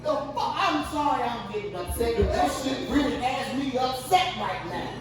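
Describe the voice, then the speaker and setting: A high-pitched woman tears into her subject in a crude, incredulous comedic rant, dropping low and then yelling out. She sits well back from the mic in a very echoey space, with steady noise all around her. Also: normal speed, over loud music. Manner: heated, crude, incredulous, swings from mutter to yelling. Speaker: show host. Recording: echoey, distant mic, noisy ambience.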